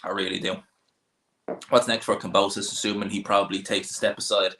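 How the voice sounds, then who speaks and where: Answering viewers live in an echoey room, this young Irish boxing-channel host talks fairly quickly in a lowish, level, sharp voice. He's casual and opinionated, filling his thinking-aloud with plenty of fillers.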